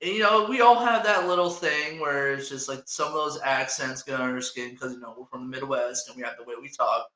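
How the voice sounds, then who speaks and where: A man's voice: mid-range voice, a little fast, hardly any pauses, pushed and bright. Joking Indiana guy in an echoey room. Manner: rambling, jokey, laughs often. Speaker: podcast host. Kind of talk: casual sports chat.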